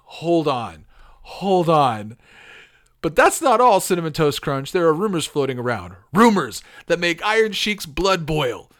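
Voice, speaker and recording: A man putting on a tough wrestler voice to read out a loud, intense promo. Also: on the high side, sing-song, measured pace, voice pushed up. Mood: outraged.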